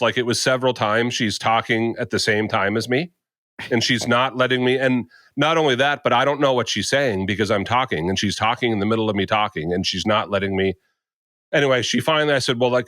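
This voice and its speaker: A man's voice: mid-range voice, pushed and bright, no echo. A man, a podcast co-host telling a rambling, exasperated story in casual chat.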